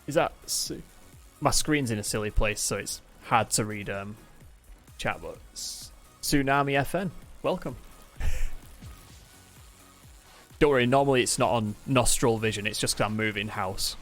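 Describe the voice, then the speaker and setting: A man's voice: medium pitch, a little slow, pauses often, a bit bright, soft background music. A man with an accent between Manchester and Yorkshire, chatting casually to his live-stream audience from home and laughing often. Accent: mix of Manchester and Yorkshire. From England. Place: home, mid-move. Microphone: desk mic, camera on temporary tripod.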